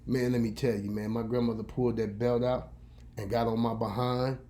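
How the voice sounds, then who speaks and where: Mellow-voiced preachy man telling a story. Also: medium pitch, brisk. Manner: preachy, folksy, animated storyteller. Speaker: vlogger and radio host. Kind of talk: casual storytelling monologue.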